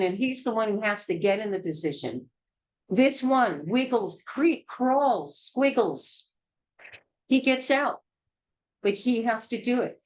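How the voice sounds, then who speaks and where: A woman's voice: a little high, darkish tone, poor audio. Blunt, emphatic woman teaching childbirth. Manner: blunt, emphatic and hard-hitting. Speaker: childbirth educator.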